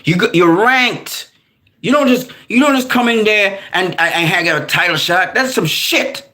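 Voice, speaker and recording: Angry man ranting, high voice that swings wide. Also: normal speed. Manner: angry, heated, profane ranting; animated, repeats "man". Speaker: boxing commentator. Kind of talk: ranting commentary.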